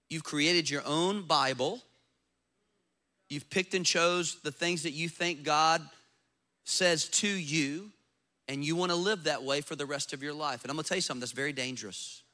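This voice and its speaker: A man, a pastor preaching a sermon in a church, acting out doubters' voices as he goes. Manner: animated preaching, acts out skeptics in a high voice.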